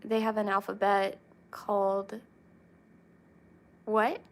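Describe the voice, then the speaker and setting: Slow, rambling young woman chatting. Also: medium pitch, fairly even intonation. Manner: rambling, many fillers and pauses. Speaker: streamer chatting with viewers. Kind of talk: casual chat.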